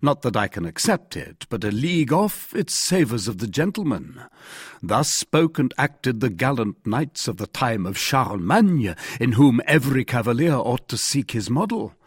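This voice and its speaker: A man voicing a proud, gracious nobleman musketeer in an audiobook, speaking in a measured, ironic way. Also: mid-range voice, big pitch swings, breathy edge, no room sound, clean studio sound.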